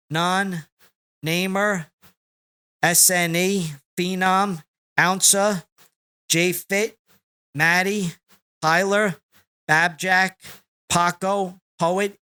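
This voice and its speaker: A man speaking as a podcast guest, slow and deliberate, relaxed and rambling in casual conversation. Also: high voice, clear, resonant tone. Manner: slow and deliberate, reciting a long list of names.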